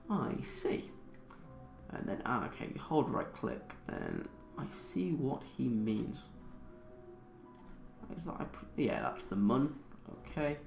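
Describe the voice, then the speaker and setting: A man's voice: medium pitch, huge pitch swings, slow, creaky, a little mellow, reverberant, faint music behind. A young man playing a space game, thinking aloud with many fillers and reading the tutorial text aloud. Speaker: gamer.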